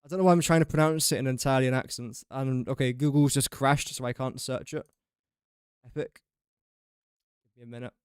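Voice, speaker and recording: A man's voice: medium pitch, steady tone, a little fast, long pauses, clean tone, no echo, clean studio sound. A young man from England chatting casually on a gaming livestream, rambling and self-mocking as he builds. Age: young adult. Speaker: streamer.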